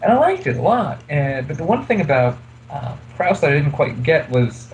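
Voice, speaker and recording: A man's voice: on the high side, very animated, moderate pace, hardly any pauses, a little hiss or hum, poor audio. Rambling man chatting about comics. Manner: rambling, full of fillers and restarts. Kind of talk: casual chat about comics.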